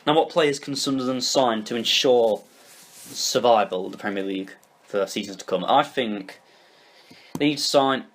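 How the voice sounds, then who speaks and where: Young british guy hosting a podcast, opinionated and chatty. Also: medium pitch. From Britain. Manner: opinionated, quick, asks questions. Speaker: podcast host. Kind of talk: casual football chat.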